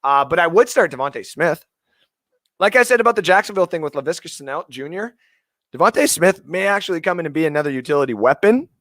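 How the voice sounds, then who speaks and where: A man's voice: a little high, expressive, quick pace, a bit bright, dry recording, studio quality. A man hosting a fantasy football show, ranting emotionally and swearing freely as he gives his picks. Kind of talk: live sports talk stream.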